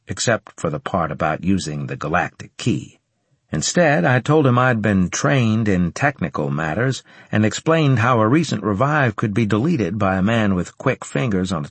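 A man narrating a first-person audiobook in a low, even, matter-of-fact way on a close studio mic. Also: slightly rough, no room sound.

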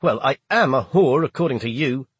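A fiery young captive, as a male narrator puts him on, pitched up and pushing hard against his captor. The voice stays husky and lively, recorded dry and close. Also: normal speed, no echo. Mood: defiant. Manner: sharp, challenging. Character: defiant young man, captive of pirates.

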